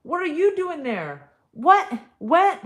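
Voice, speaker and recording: A woman's voice: very animated, slow pace, fairly bright tone, heavily acted. A woman crying out as a distraught grieving older woman. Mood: shocked. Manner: cries out in high, strained exclamations.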